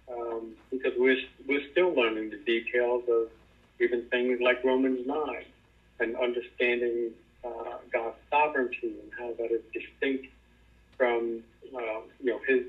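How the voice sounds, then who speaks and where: A man in a Bible study group who reads scripture aloud and asks thoughtful questions. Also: mid-range voice. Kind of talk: reading scripture and asking questions. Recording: tinny phone line.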